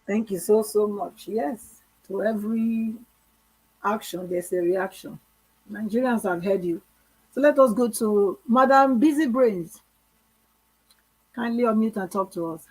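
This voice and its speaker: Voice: mid-range voice, measured pace, long pauses, darkish tone, husky, poor audio. A moderator of a call-in discussion who speaks briefly and directs the callers.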